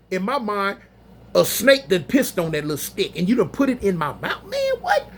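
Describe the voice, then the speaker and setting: High-voiced man telling a slangy story. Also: moderate pace, creaky, a little hiss or hum. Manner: animated, slangy, acts out other voices. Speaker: storyteller recounting prison life. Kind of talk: casual storytelling monologue.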